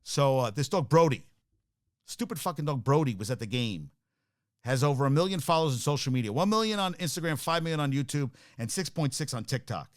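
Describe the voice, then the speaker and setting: A man's voice: mid-range voice, animated, fairly quick, no echo, clean studio sound. A man hosting a sports talk show, ranting casually and profanely, worked up and full of restarts.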